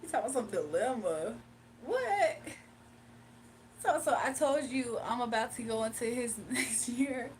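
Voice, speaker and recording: A young woman streaming live talks casually to her viewers in a high voice with lively intonation and a measured pace. She laughs a lot and now and then sings briefly, sitting slightly back from the mic with faint room noise in the background.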